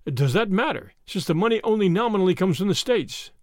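A man voicing a Russian conspirator who talks softly with a sinister, amused edge. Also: high voice, animated, a little fast, no echo, clean studio sound. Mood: questioning. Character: sly Russian male plotter, sinister.

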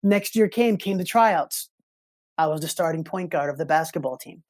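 A man telling a personal story as a podcast guest, animated and expressive, slipping into other people's voices as he recounts them. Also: a little high, moderate pace. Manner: animated, acts out quoted voices in his stories. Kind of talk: casual storytelling interview.

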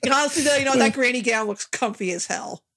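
A woman's voice: on the high side, fast talker, a bit bright. A woman co-hosting a casual movie commentary podcast, playful and laughing often. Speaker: podcast co-host.

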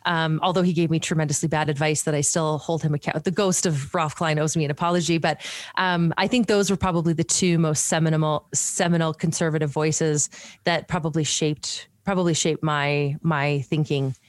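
A middle-aged woman from Canada speaks as an interview guest in a notably low voice. She is candid and animated, often restarting her sentences. The sound is close and dry, with no room around it. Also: normal speed, dry recording. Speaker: guest, podcast host and PR professional. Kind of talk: conversational interview.

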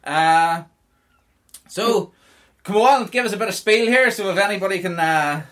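In an unhurried, slightly bright, high voice, this podcast host from Northern Ireland chats casually. He jokes, laughs and rambles as he goes.

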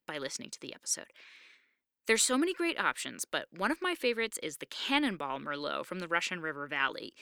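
Bright, crisp-voiced woman hosting a podcast. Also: deep voice, no room sound, clean studio sound. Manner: enthusiastic, upbeat promotional delivery. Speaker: podcast host. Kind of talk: scripted podcast intro.

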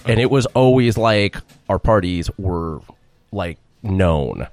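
A man's voice: sits low, animated, slow pace, a little mellow, dry recording. A middle-aged man telling a long story in a casual interview, rambling, acting out quotes and laughing often. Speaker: restaurant owner, guest.

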